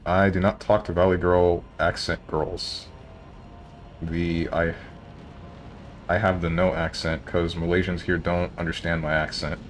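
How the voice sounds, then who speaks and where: Joking low-voiced man streaming a game. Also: level tone, unhurried, a little hiss or hum. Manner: joking, banter with chat. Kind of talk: casual chat while playing a video game.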